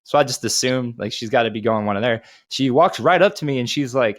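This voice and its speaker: A man's voice: medium pitch, a little fast. A man in his thirties, a podcast co-host telling casual, profane, rambling anecdotes. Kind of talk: casual storytelling chat.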